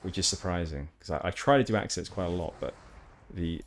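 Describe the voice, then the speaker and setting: Speaking briskly in a low voice, a young Hampshire man chats casually with his viewers during a game stream. He rambles, filling his talk with fillers and restarts.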